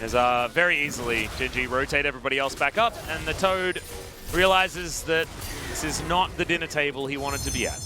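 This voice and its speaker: A man giving fast, excitable play-by-play commentary on an esports match, rising sharply on big plays. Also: on the high side. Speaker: esports caster. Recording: game music behind.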